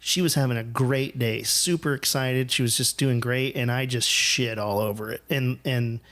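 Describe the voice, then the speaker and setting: A man's voice: mid-range voice, steady tone, normal speed, fairly bright tone. A man from the United States hosting a podcast, telling rambling, profane, self-deprecating stories in casual conversation. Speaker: podcast host.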